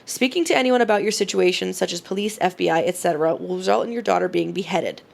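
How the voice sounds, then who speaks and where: A woman voicing a menacing kidnapper who reads out a ransom note in a slow, deliberate, mock-foreign way. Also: on the low side, vocal fry, a little mellow.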